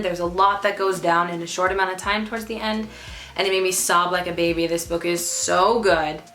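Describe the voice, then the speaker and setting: Gushing to camera once more, the twentysomething book vlogger stays casual and emphatic, doubling up words for stress, her fairly low voice pushed and bright. Faint music plays in the echoey room.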